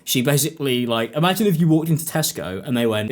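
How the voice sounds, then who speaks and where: A man's voice: mid-range voice, animated, fairly quick, a little mellow. Sarcastic British male commentator. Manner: sarcastic, dry. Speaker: YouTube commentator.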